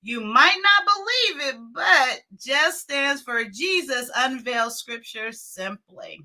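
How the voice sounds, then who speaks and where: A woman's voice: high-pitched, expressive, slow, pushed and bright. A woman hosting a casual livestream, chatting with viewers and laughing often. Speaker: livestream host.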